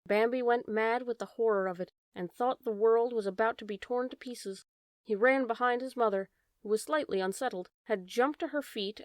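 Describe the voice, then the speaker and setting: A woman narrating a storybook in a calm, measured way. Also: a little high, dry recording. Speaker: audiobook narrator. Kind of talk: storybook reading.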